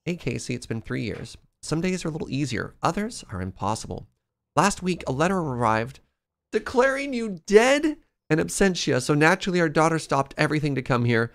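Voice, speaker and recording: A man's voice: fairly high pitch, expressive, a little fast, few pauses, fairly bright tone, clear, resonant tone. A man voicing a tired, wistful middle-aged widowed fisherman father in a game. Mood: grieving.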